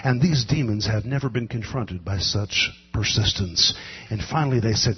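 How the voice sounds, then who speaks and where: A man preaching a sermon, building to loud emphatic cries and drawing out words for weight. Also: lowish voice, lively intonation, unhurried, slightly rough. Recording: lo-fi echoing hall with mains hum.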